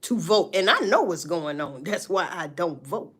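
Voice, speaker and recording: Animated loud-talking woman in her forties. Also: fairly low pitch, normal speed, slightly rough. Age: 40s. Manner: loud, swearing, animated storytelling with laughs. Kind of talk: casual rant to viewers.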